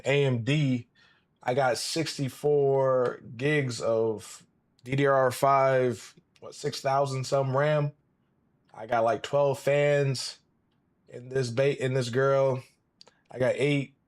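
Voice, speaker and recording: A man with features chats through a video game at an unhurried pace. His voice sits in a middle pitch, slangy and relaxed, as he talks to his viewers. Keyboard typing is heard behind him. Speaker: streamer playing a game. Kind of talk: casual gameplay commentary.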